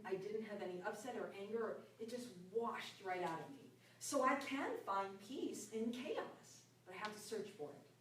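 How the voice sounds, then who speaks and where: Woman doing a heartfelt self-help talk, gets soft n quiet sometimes, really echoey room, faint background hum. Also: far from the mic. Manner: earnest, often drops to a soft, low voice. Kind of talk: reflective personal talk.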